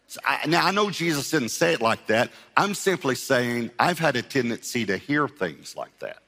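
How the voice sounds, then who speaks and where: Animated man preaching in a reverberant hall. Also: medium pitch, normal speed. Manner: animated storyteller acting out scripture voices with humor. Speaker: pastor. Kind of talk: sermon.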